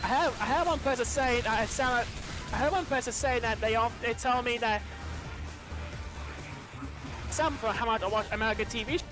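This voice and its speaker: A man's voice: extremely high pitch, moderate pace, long pauses. Aussie guy on voice chat, trips over his words a lot, game music going behind him. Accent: Australian. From Australia. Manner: stammering, repeats words, laughs often. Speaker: gamer on voice chat. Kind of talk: casual chat while gaming.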